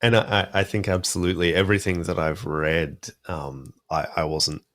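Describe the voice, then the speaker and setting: A man's voice: sits low, steady tone, moderate pace, fairly bright tone, dry recording, clean studio sound. A young adult man with an Australian accent, chatting thoughtfully about film music as a podcast guest, with many fillers. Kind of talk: casual podcast discussion.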